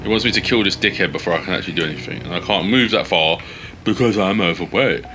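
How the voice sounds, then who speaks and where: Deep-voiced man, swearing gamer. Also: quick pace, soft background music. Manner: swears a lot, shouts at teammates. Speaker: gaming streamer. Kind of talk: casual let's play commentary.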